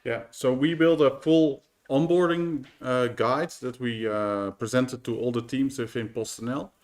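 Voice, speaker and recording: Man, conference talk, middle pitch, explanatory, hesitant fillers. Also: measured pace. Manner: explanatory, frequent fillers and restarts. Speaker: conference speaker. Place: meetup presentation venue.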